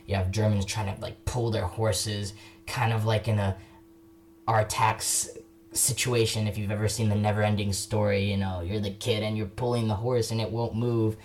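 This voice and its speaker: Young man, casual history talk, rambling with many restarts, lowish voice, faint background hum. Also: flat delivery, moderate pace. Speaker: history video maker.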